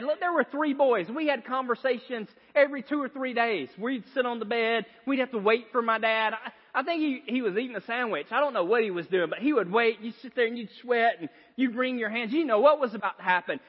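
A high-pitched male pastor preaching a storytelling sermon, laughing often and repeating himself for emphasis. His voice rings out with a long echo in a church hall, and the sound is a little dull. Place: church sanctuary.

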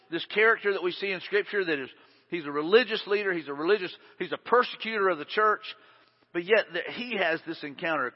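A male pastor preaching a sermon, emphatic and conversational, often repeating himself. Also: high voice. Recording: dull lo-fi sound with long hall reverb.

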